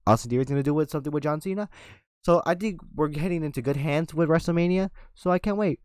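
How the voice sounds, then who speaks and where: A man giving an excited, rambling recap of a wrestling event, with lots of restarts and shouted sound effects. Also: fairly high pitch, quick pace, clean tone, no room sound. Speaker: wrestling reviewer.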